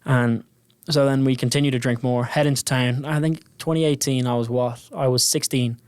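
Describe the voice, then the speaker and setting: Irish guest, twenties, posh South Dublin lilt, mid-pitched, chatty and full of restarts. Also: male voice, fairly even intonation, normal speed, darkish tone, clean tone, dry recording. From Ireland. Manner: rambling storyteller with many restarts. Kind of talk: casual chat.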